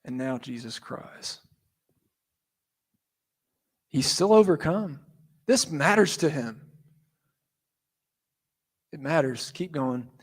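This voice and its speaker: A man pastor giving a sermon, telling the story with animated voices and asides. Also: fairly high pitch, slow pace, pauses often. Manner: animated storytelling, acting out quotes.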